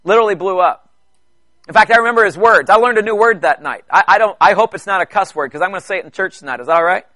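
A man preaching a personal testimony in church, chatty, with halting restarts and joking asides to the congregation. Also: high voice, bright, forceful tone, dry recording. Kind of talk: conversational sermon testimony.

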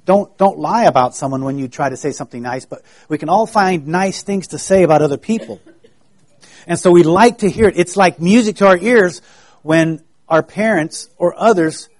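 Gentle man preaching to children. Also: on the high side. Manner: gentle, folksy, asks children questions. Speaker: pastor giving a children's sermon. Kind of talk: children's sermon.

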